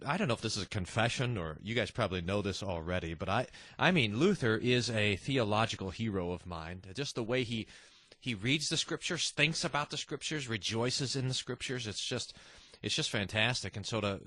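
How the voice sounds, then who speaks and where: A man's voice: medium pitch, expressive, brisk, pushed and bright, no room sound. A man hosting a devotional podcast, talking earnestly and animatedly, often restarting his sentences. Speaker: podcast host.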